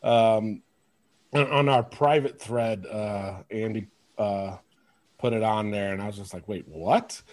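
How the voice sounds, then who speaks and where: A man hosting a podcast, telling stories in an animated, casual way, laughing often and swearing. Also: on the low side, measured pace. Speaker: podcast host. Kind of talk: casual chat.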